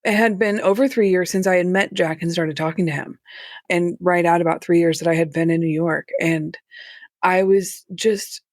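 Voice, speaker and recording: A woman telling her own story as a podcast guest, candid and halting, with nervous laughs. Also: lowish voice, steady tone, no room sound, studio quality. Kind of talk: personal story in a podcast interview.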